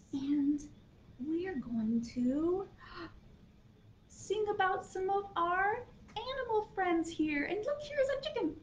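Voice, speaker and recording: A high-pitched woman swoops up and down as she leads a toddler storytime, speaking slowly and in a sing-song way with delighted gasps. Her voice echoes around the room, and the recording is slightly dull. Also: a little hiss or hum. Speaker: children's librarian. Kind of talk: toddler storytime with songs and picture books. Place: library program room.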